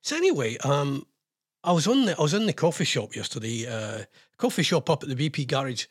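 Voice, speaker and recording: A man's voice: fairly high pitch, expressive, a little fast, breathy edge. An older man hosting a radio show, telling a rambling, self-mocking story in casual chat.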